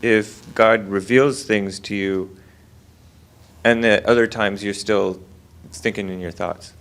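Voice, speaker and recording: A man in the congregation passes along someone's question, hesitating and restarting as he speaks. His voice is on the low side. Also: fairly even intonation, a bit bright. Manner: hesitant, halting. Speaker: congregation member relaying a question. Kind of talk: casual Q&A.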